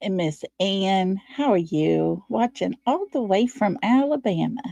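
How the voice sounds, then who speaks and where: A woman's voice: mid-range voice, a little slow, creaky, dark tone, no room sound. A tired woman with a Texan accent hosting a casual livestream, chatting folksily and greeting viewers by name. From Texas. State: tired, low on energy. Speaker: livestream host. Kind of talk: casual live-stream chat.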